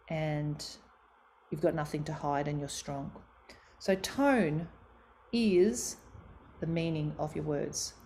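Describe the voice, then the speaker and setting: A woman's voice: low voice, darkish tone, slight background noise. A middle-aged Australian woman giving a motivational talk on communication, acting out quoted voices with expression. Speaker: speaker on communication.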